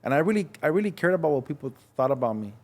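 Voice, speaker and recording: A young man from Los Angeles, a podcast guest telling his story in a frank, halting way, acting out voices as he goes. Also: a little high, sing-song, a little mellow. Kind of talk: casual storytelling.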